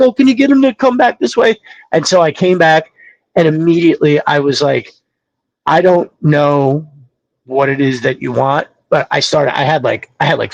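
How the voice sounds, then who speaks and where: A man hosting a show, casually telling a long personal story, animated and swearing, acting out what people said. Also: on the high side, gravelly, no room sound, highs cut off. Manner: animated, swearing, acts out quotes. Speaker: podcast host. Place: small studio. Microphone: studio mic.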